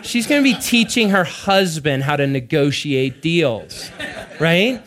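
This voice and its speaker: Animated man telling stories in a sermon. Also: on the high side, unhurried. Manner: animated, laughing storyteller. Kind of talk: sermon-style storytelling.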